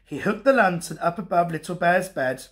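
A man and teacher reading a bedtime story to children in a gentle, expressive way. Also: sits high, normal speed.

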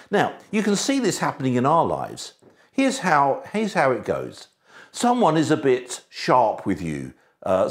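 A man preaching a sermon, emphatic, dropping soft and then rising for stress. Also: medium pitch. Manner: emphatic, shifts between soft and raised delivery.

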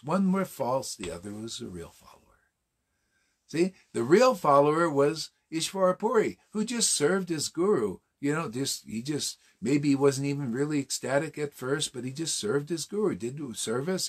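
Man, husky voice, lively swinging pitch, casual sermon, rhetorical questions, slangy. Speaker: spiritual teacher. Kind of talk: informal morning class sermon.

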